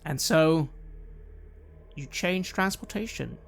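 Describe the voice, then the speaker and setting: A man narrating a tabletop role-playing game as game master, measured and descriptive. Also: a little high, vocal fry, a bit bright.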